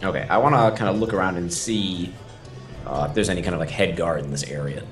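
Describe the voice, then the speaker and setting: A player at a tabletop game who casually asks the game master questions. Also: male voice, sits low, fast, soft background music.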